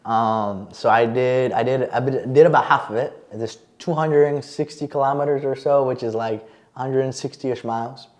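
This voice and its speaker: A man chatting as a podcast guest, a lively storyteller with plenty of fillers and restarts. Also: medium pitch, normal speed. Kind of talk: casual interview chat.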